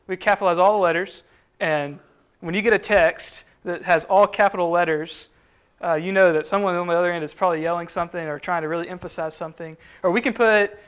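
A man's voice: high voice, a bit bright. A man teaching a sermon in a conversational way, with frequent fillers and restarts. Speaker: preacher.

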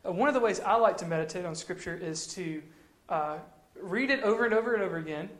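A man's voice: high-pitched, quick pace, a bit bright. A man giving casual devotional teaching, talking in a conversational way and repeating phrases for emphasis. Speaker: Christian teacher. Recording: echoey room.

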